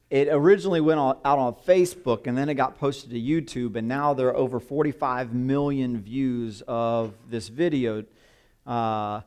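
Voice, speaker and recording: A middle-aged man preaching a sermon in a conversational, halting way, with many fillers and restarts. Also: a little high, clear, resonant tone. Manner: hushed, reverent when praying. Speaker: pastor. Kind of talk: sermon with prayer.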